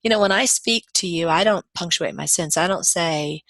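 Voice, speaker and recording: Gravelly-voiced woman giving a patient lecture. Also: fairly low pitch, brisk, fairly bright tone, dry recording. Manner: patient, walks through examples step by step. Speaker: college lecturer. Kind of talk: recorded grammar lecture.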